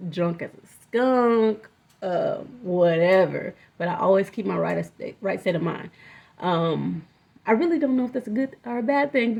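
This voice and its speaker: A woman's voice: fairly low pitch, creaky, darkish tone, breathy edge. A young woman telling a personal story in a candid, rambling, profane way, with lots of fillers. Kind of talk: casual storytime vlog. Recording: dull lo-fi audio.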